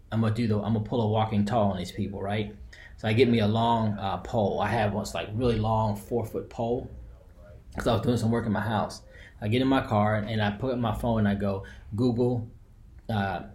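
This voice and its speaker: A man's voice: lowish voice, a little mellow. A man telling a personal story as a heated, profane rant, repeating himself as he goes. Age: adult with a daughter.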